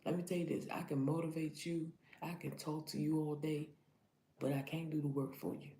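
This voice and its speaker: A woman's voice: low voice, flat delivery, normal speed, warm tone, echoey room, a little hiss or hum. A woman in her thirties giving an earnest, preachy motivational talk to her followers, often repeating herself to drive points home. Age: 30s. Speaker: vlogger.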